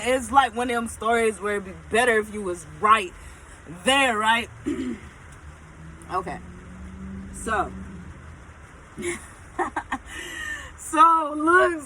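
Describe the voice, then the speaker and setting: A woman telling a casual storytime, animated and emphatic, often checking in with her listeners. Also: a little high, a little hiss or hum, poor audio.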